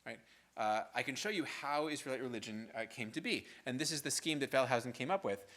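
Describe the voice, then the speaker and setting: A man's voice: medium pitch, lively intonation, fast talker, fairly bright tone. Casual conversational male lecturer. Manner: conversational, frequent "right?" and fillers. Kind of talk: university lecture. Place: lecture hall.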